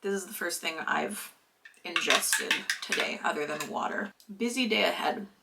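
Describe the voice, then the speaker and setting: A woman's voice: on the low side, normal speed, creaky, very noisy. A young woman vlogging in a casual, chatty way at her family home, sometimes talking while she eats. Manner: chatty and relaxed, with filler words and small laughs; talks with her mouth full while eating. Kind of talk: casual vlog chat.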